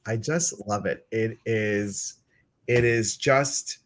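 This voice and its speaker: A man's voice: lowish voice, takes it slowly, slight background noise. A man hosting a casual live-stream interview, chatty and exuberant, greeting viewers and reading their comments aloud. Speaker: host.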